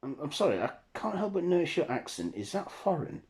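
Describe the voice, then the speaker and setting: A man voicing a wary, sharp-tongued young woman who works as a nurse, talking quick and guarded. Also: fairly high pitch, sing-song, voice pushed up. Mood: curious.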